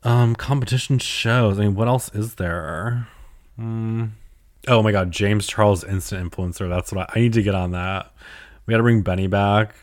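Young male podcast host, lowish voice, dry close sound, chatty and sweary. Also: moderate pace, no room sound. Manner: chatty, profane, opinionated, rambling. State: tired late at night. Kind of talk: solo podcast answering listener questions.

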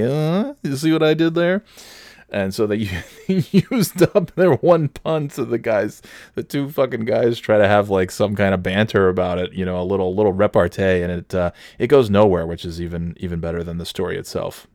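A man's voice: fairly low pitch, moderate pace, darkish tone, no echo, clean studio sound. A man hosting a podcast, rambling through a profane, sarcastic comedic rant. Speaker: podcast host.

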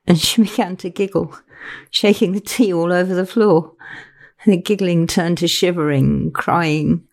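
A woman narrating her own novel in a measured, unhurried reading. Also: on the low side, a little mellow. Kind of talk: audiobook narration.

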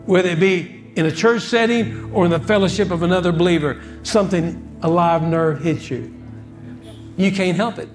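A man preaching with a high voice, telling folksy stories and doubling back on his words as he talks. Soft music sits faintly behind him. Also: moderate pace. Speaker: pastor. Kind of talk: sermon.

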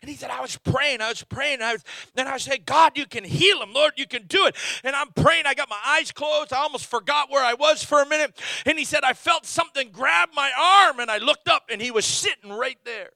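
A man's voice: very high-pitched, a little fast, creaky, sharp tone, dry recording. A man preaching a storytelling sermon as a missionary, with frequent restarts and exclamations. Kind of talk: Pentecostal-style sermon.

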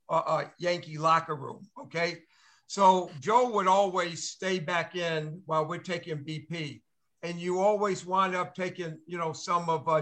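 A man's voice: fairly high pitch, a bit bright. An older man on a panel, teasing an old teammate with stories. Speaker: former ballplayer on a panel. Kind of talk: casual storytelling on a panel.

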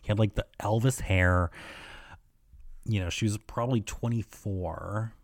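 A man's voice: fairly low pitch, measured pace, creaky, dry recording, studio quality. A young man hosting a solo podcast, telling stories in a chatty, profane way full of fillers and restarts. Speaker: podcast host. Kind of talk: casual solo podcast chat.

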